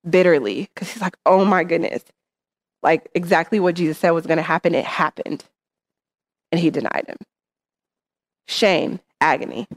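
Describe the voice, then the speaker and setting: A woman preaching in church, talking in an earnest, conversational way and often checking in with her listeners. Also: on the low side. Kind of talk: sermon.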